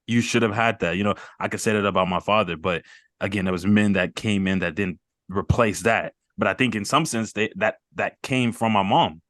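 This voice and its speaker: Deep-voiced guy hosting a group video call, earnest and rambly, dry close sound. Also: normal speed, fairly bright tone, dry recording. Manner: earnest, rambling, repeats words, laughs off tears. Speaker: host of a mental health group call.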